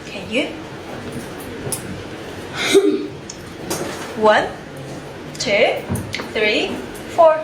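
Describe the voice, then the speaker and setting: A woman teaching English to a class, speaking slowly and clearly and having the students repeat words after her. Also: high-pitched. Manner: slow, clearly enunciated prompting, drilling words for a class to repeat. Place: school classroom. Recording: echoey classroom from a distance, background noise.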